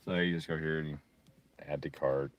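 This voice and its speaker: Cursing liberally and quick to rant, a man who tunes cars and streams gives a casual walkthrough of a tuning site on screen. He has a rumbling low voice with fairly even intonation, and the audio is dull.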